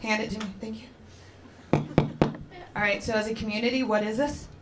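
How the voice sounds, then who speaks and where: A woman's voice: a little high, steady tone, a little fast, heavy background noise. A woman doing stand-up comedy on a club stage, brash and chatty, with a lot of swearing. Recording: live club, loud crowd.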